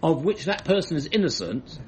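A man's voice: fairly high pitch, big pitch swings, brisk, a little hiss or hum. A man teaching a Talmud class, reading the text and explaining it line by line.

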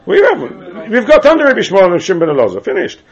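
A man's voice: sits high, wildly swooping pitch, fast, breathy edge. A man teaching a Talmud class, chanting phrases in a sing-song way and repeating his questions to the students. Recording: dull lo-fi class recording.

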